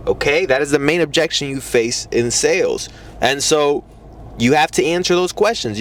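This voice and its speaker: Blunt, profane man giving advice. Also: mid-range voice. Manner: blunt and profane, mocking imitations. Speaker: dating advice vlogger. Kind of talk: casual advice monologue.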